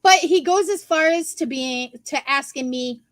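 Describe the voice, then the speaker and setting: A woman's voice: high-pitched, a little slow, hardly any pauses, a bit bright, dry recording. A woman venting on a livestream about being attacked, hesitant and hurt. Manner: hurt, rambling, hesitant with fillers. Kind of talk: upset livestream monologue.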